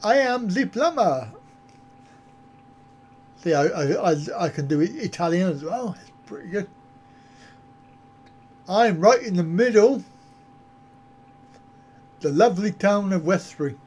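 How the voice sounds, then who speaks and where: Slow, easygoing man chatting on a live stream. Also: high-pitched, expressive, darkish tone, husky. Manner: jokey, rambling, easygoing. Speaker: travel vlogger hosting a live stream. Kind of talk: casual live-stream chat with viewers.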